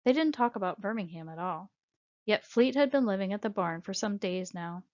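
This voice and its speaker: A woman narrating a children's storybook in a measured, expressive reading voice. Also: mid-range voice. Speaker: audiobook narrator. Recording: dull lo-fi audiobook recording.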